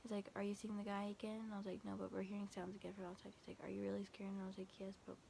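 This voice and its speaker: Racing through a loose storytime, a young woman vlogger recounts a frightening night, endlessly quoting texts with "I was like" and "he's like." Her flat-pitched voice carries a gravelly fry, and she rambles with heavy filler and frequent restarts. A faint ambient hiss lingers in the background.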